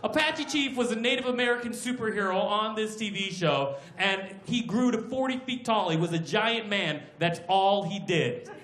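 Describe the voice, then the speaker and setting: Excitable stand-up comic in a roomy club. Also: male voice, sits high, moderate pace, few pauses, slight background noise. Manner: excitable, loud bursts and voiced characters. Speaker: stand-up comedian. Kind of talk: stand-up comedy routine. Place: comedy club stage with an audience. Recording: roomy live club sound, crowd laughter.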